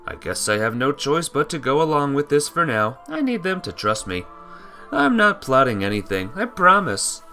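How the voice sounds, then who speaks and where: A man's voice: on the high side, big pitch swings, normal speed, pushed and bright, soft background music, pitched above the performer's own voice, exaggerated voice. A man voicing a proud young male knight, reading game dialogue in a defensive, frantic way. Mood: wary. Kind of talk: game dialogue read aloud.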